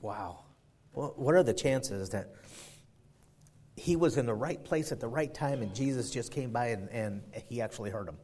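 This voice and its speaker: A man preaching a sermon, moving from a quiet prayer to loud, fervent emphasis as he retells a story. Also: mid-range voice, moderate pace.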